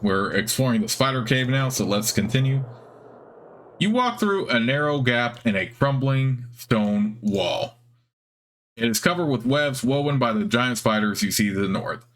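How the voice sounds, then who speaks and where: A man hosting a let's play, reading game text aloud in a steady narration with casual asides. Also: mid-range voice, unhurried.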